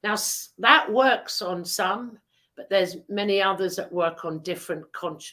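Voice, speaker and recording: A woman's voice: mid-range voice, measured pace, bright, forceful tone. Woman hosting a podcast, chatty and teasing, lots of ums, medium voice. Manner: chatty, teasing, rambling with many fillers. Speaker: podcast host. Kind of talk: casual chat and storytelling.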